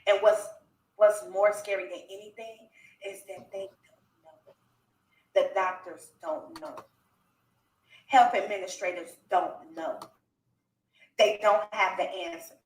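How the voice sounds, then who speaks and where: Earnest woman, bright roomy phone live. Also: on the high side, distant mic. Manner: earnest, pleading, repetitive. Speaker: live streamer. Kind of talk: emotional live-stream address.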